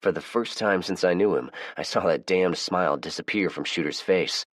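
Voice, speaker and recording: A man narrating a first-person audiobook in a measured, plain storytelling manner. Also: sits low, a bit bright, no echo, clean studio sound.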